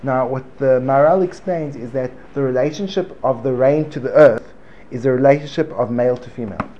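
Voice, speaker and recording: A man's voice: mid-range voice, brisk. Joking, rambling man teaching a class. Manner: joking, digressive, repeats himself. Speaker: Torah teacher. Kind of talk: informal Torah class. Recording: dull lo-fi recording with faint room noise.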